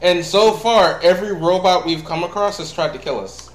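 Male player, high, animated pitch, roomy sound, blunt and exasperated. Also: normal speed. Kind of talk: in-character tabletop play. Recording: roomy echo.

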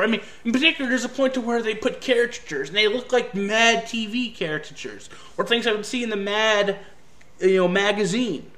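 A man's voice: high-pitched, bright, forceful tone. A man ranting through a film review, exasperated and sarcastic, swearing freely.

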